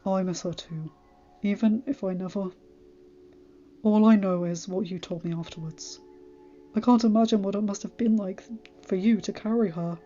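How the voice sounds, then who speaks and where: A woman reading as a grieving grown lord in an audiobook, soft and subdued, close to a whisper at times. The sound is dull and lo-fi. Faint music plays underneath. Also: medium pitch, steady tone, moderate pace, long pauses, close to an everyday voice. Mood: tender grief. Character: grieving lord, grown man, quiet and earnest.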